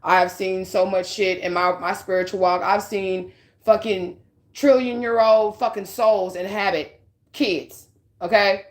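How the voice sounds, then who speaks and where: A woman's voice: mid-range voice, steady tone, a little slow. Blunt, profane woman doing a psychic reading. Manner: profane, blunt, street-talking, repeats "okay?". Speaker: psychic reader. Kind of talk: casual spiritual reading monologue.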